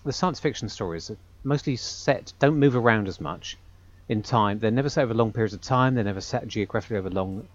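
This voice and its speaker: A man's voice: lowish voice, quick pace, few pauses. A man in a casual podcast chat, thinking aloud in long, self-correcting sentences. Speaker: podcast panelist. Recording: dull lo-fi sound.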